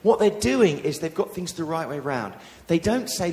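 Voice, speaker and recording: A minister preaching a sermon into a handheld microphone, acting out quoted figures with vivid emphasis. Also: male voice, a little high, big pitch swings, normal speed, darkish tone. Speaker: Baptist minister. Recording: long hall reverb.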